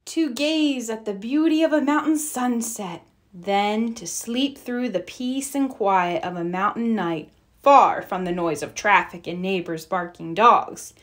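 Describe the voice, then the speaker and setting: A woman's voice: medium pitch, unhurried. A woman reading a children's storybook aloud, narrating and acting out the characters' lines. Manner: expressive, acts out characters' lines. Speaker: storybook reader.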